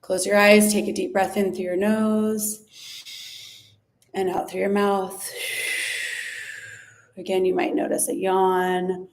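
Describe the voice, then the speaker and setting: Gentle woman guiding a body practice. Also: medium pitch, flat delivery. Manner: gentle and unhurried, with fillers and restarts. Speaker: somatic practice instructor. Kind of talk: guided body practice instruction.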